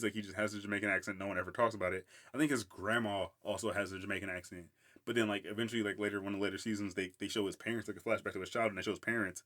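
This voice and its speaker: Casual podcast host, male, lower register, talks fast and loose. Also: a bit bright. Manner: rambling, lots of "like", laughs often. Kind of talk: casual solo commentary.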